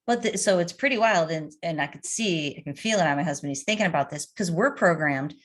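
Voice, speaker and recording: Lively middle-aged woman telling stories. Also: fairly low pitch, fast talker. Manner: animated, storytelling with anecdotes. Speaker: addiction coach. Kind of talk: conversational interview answers.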